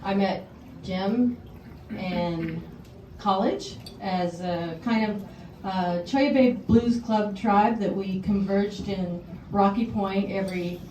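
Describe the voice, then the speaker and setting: Slow, mellow woman reading a rhyming tribute. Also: medium pitch, a little hiss or hum. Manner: slow, unhurried delivery, reading from a phone. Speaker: party guest giving a roast tribute. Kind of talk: reading rhyming verse aloud. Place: party room. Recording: echoey room, far from the mic.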